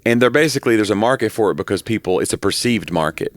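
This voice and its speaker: A man's voice: on the low side, lively intonation, quick pace. A man co-hosting a podcast, rambling through stories in casual chat with a self-deprecating streak. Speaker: podcast co-host.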